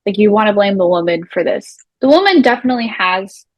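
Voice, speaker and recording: A young woman co-hosting a casual TV recap, animated and swearing casually as she retells the drama. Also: mid-range voice, fairly quick, dry recording, highs cut off. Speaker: recap show co-host.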